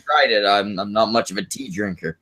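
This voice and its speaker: Hesitant low-voiced man. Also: brisk, a crowd in the background. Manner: hesitant, many fillers and restarts. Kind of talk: casual chat.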